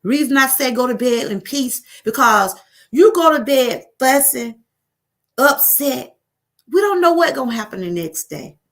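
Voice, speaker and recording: A middle-aged woman with a Southern US accent hosts a casual live stream, her voice high-pitched, expressive, fairly bright and a little slow. She rambles and repeats herself, calling her viewers y'all.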